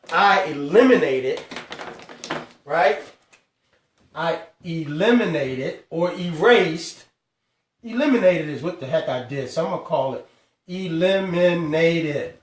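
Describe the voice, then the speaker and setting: A man hosting a live financial talk, stressing each number slowly and calling out to his viewers. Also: fairly high pitch, sing-song, fairly bright tone, far from the mic. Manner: emphatic, drawn-out numbers, calls out to viewers. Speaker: host. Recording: echoey room, speaker away from mic.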